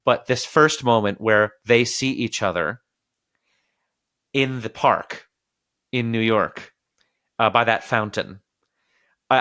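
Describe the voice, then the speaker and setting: A man hosting a podcast, talking about a film in an animated, casual way and sometimes quoting characters in little acted voices. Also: medium pitch. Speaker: podcast host.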